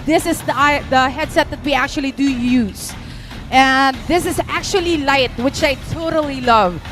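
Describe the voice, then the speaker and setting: A woman with a Filipino accent, hosting a live auction at an event, calling bids in an energetic, playful way. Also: high-pitched. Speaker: auctioneer host. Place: live esports event venue.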